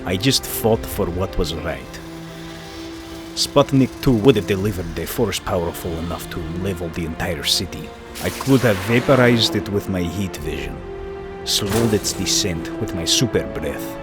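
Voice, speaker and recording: A man voicing a solemn Soviet Superman in a put-on Russian accent, reading comic narration gravely. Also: deep voice, lively intonation, music in the background, voice pushed down. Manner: grave, measured storytelling.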